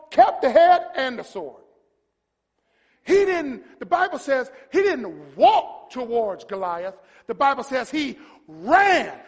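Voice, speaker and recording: A male preacher giving an animated sermon, mocking and swinging from hushed to shouting. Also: extremely high pitch, in a large hall.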